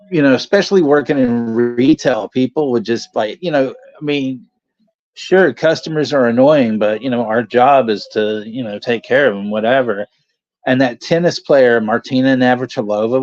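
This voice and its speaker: A man's medium-pitched, slightly mellow voice comes through with no echo in a dull, dry lo-fi recording. He chats casually on a watch party stream, sharing anecdotes with frequent laughter and free swearing.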